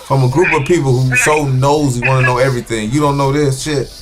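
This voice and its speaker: A man's voice: mid-range voice, steady tone, brisk, music in the background. Blunt, profane man in casual talk. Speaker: podcast co-host. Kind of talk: casual conversation.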